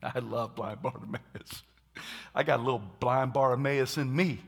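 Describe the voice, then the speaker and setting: A man preaching a sermon, animated, acting out scenes and shouting dramatically. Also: medium pitch, normal speed, creaky, slightly rough.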